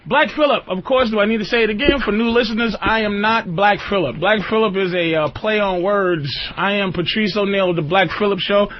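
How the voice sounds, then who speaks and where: A man's voice: sits high, a little fast, few pauses. A man hosting a radio call-in show, ranting in a profane, rambling way and laughing often. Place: radio studio. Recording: dull lo-fi radio recording with faint hiss.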